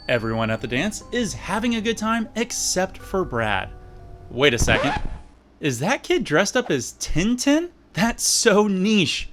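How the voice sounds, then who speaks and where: Male video reviewer, sarcastic jokes, slightly high, lively pitch, faint music under. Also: measured pace. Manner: sarcastic, jokey, animated. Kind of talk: casual sarcastic episode review.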